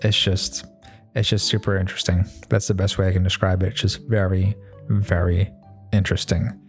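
A man's voice: low-pitched, little pitch movement, moderate pace, soft background music. A man, a mechanic, talking in a loose, rambling monologue full of fillers and restarts, swearing now and then. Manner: laid-back, swears casually. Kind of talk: casual monologue.

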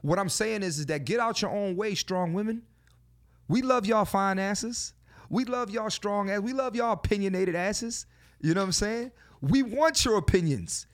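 A man hosting a podcast in a studio, talking in a loose, animated way with lots of swearing and filler phrases. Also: sits high. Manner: animated, swearing, repeats "you know what I'm saying". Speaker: podcast host. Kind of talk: casual podcast chat.

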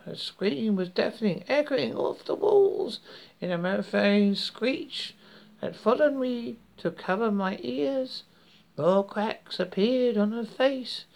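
A British man reading a horror story aloud in a slow, measured way, with occasional slips and restarts. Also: high-pitched, vocal fry, a little mellow.

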